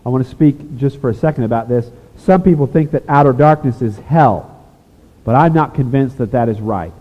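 A pastor preaching a sermon, earnest, rising to emphatic points and dropping to a hushed, confessional tone. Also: male voice, mid-range voice, normal speed. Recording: echoey hall over a tinny phone-like line.

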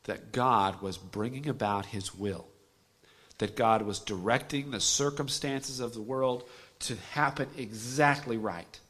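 A man preaching a sermon, dropping to a hushed near-whisper and then rising to loud, emphatic peaks. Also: mid-range voice, unhurried.

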